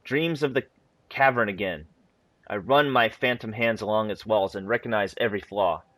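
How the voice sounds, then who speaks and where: A man who hosts a gaming channel, reading in-game story files aloud in a steady, measured way, with a few casual asides. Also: on the low side, dry recording.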